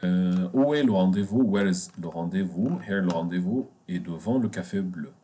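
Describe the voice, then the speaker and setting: A man teaching a French lesson in English, repeating key words and pausing on fillers as he explains. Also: low-pitched, dark tone. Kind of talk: bilingual language lesson.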